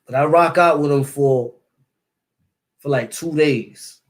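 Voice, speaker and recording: Speaking slowly in a fairly high voice, this Brooklyn man from East New York spins a story in relaxed street slang. His New York accent comes through, and he fills the tale with repeated words and sound effects.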